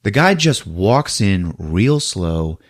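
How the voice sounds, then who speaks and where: A man hosting a casual podcast, recapping a film with a lively, animated storytelling manner. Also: deep voice, slow pace. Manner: animated storyteller, laughing, acts out scenes. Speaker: podcast host. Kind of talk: casual movie recap chat.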